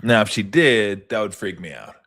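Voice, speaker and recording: A man hosting a sports talk show in casual chat, rambling and profane, wandering into tangents with loud bursts. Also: lowish voice, lively intonation, moderate pace.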